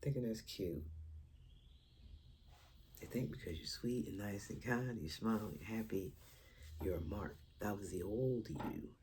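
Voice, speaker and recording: A woman's voice: a bass voice, darkish tone, a little hiss or hum. Rambling woman who laughs and whispers. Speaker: vlogger and stand-up comedian. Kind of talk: casual spiritual chat to camera.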